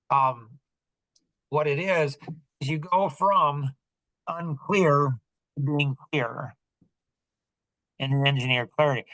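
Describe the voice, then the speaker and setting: A man's voice: on the high side, pushed and bright, dry recording, rough recording. A man coaching a group call in a loose, wandering way, with many fillers and restarts. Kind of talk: rambling casual teaching.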